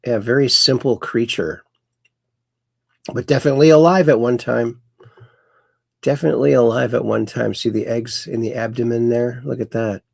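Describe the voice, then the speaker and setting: Gravelly man hosting a casual stream. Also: medium pitch, steady tone, moderate pace, pauses often, no echo, clean studio sound. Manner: rambling, reads viewer comments aloud. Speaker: host. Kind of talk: casual livestream chat.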